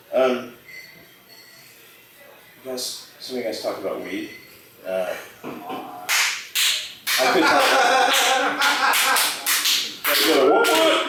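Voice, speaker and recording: A man's voice: medium pitch, wildly swooping pitch, slow pace, pauses often, very noisy. A man doing a rambling, self-deprecating open-mic stand-up set, slipping into quoted voices. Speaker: stand-up comic. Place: small bar stage. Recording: roomy bar audio from a distant mic.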